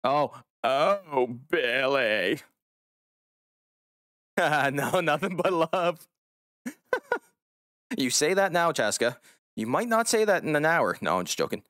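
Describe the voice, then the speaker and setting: A man's voice: a little high, big pitch swings, takes it slowly, pauses often, a bit bright, no echo, studio quality. A man streaming a game live, chatting casually with his viewers, joking and swearing now and then. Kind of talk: casual live-stream chat while gaming.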